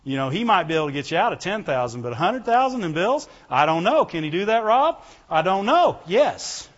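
A high-voiced man preaches a fervent sermon, calling out to his congregation for amens. His voice rings through a long, echoing hall. The recording sounds dull and lo-fi. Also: sing-song, a little fast. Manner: fervent, calls out for amens and glory to God; reads scripture aloud in old biblical wording. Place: church hall before a congregation.

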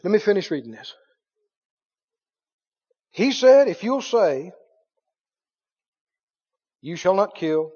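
A man preaching a sermon as pastor, reading scripture aloud with animated delivery. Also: high-pitched, slow pace, long pauses, breathy edge. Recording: dull sound in a long-reverb hall.

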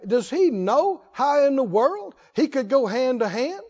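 A man's voice: very high voice, big pitch swings, unhurried, darkish tone, dull audio. A man preaching a sermon, asking questions and answering them in a folksy, call-and-response way.

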